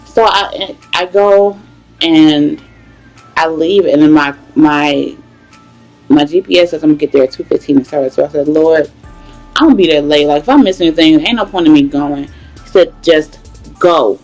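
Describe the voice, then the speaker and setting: A young woman, giving a casual devotional talk, conversational and animated, often calling out to listeners. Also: deep voice, normal speed, soft background music, poor audio. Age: young adult. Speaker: devotional host.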